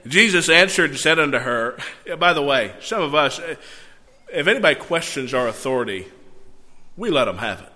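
A man preaching a sermon, reading scripture and breaking into animated, conversational asides. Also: on the high side, moderate pace. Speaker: pastor. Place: church sanctuary. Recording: long church hall reverb.

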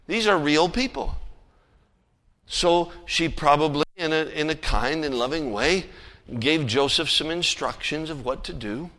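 A man preaching a sermon, telling a story with animated swings between loud emphasis and hushed asides. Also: a little high, a little slow. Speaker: pastor. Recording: long hall reverb.

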